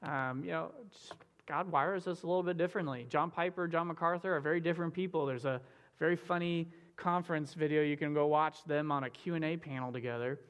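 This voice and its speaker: A man's voice: a little high, fairly even intonation, brisk, a bit bright, big-room sound. A man giving an earnest, conversational teaching on biblical counseling, reading scripture aloud with frequent fillers. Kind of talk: sermon-style teaching with read scripture.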